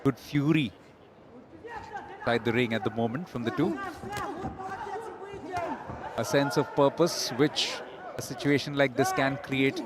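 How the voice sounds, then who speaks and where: Man giving measured boxing commentary. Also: medium pitch, steady tone, a crowd in the background. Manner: measured, analytical play-by-play with occasional fillers. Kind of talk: live sports commentary.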